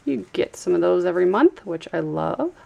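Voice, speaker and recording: A woman's voice: lowish voice, lively intonation, moderate pace, vocal fry, dark tone. A woman vlogger chatting casually as she unboxes products and reads out labels. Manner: chatty, trails off while reading labels. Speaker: YouTube vlogger.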